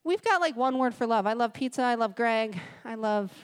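A woman's voice: on the high side, animated, moderate pace, clear, resonant tone. Chatty woman preaching a sermon. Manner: chatty, with joking asides while reading scripture. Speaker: guest speaker at a church service. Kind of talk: conversational sermon with scripture reading. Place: church service.

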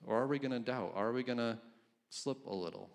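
A man's voice: mid-range voice, brisk, creaky. A man preaching a casual, conversational sermon, reading scripture aloud and chuckling between points. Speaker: pastor.

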